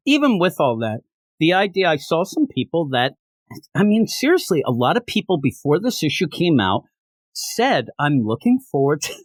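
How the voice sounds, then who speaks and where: A man's voice: fairly high pitch, very animated, normal speed, no room sound, studio quality. A man co-hosting a comics podcast in casual review chat, joking and swearing casually. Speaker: podcast co-host.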